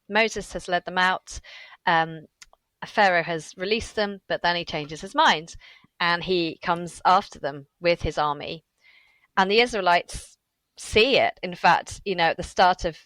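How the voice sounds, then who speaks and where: A woman with a fairly low voice, talking as the guest on a podcast interview. She tells her story in an animated way, with asides and little laughs. The sound is dry and close. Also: dry recording, poor audio. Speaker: author guest.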